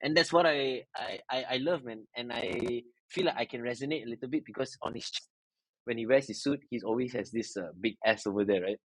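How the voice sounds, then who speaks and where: A man's voice: medium pitch, brisk, dry recording, rough recording. A man from Malaysia with a Malaysian English accent, chatting casually as an interview guest and slipping Malay words into his English. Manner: relaxed, mixes in Malay words and "lah".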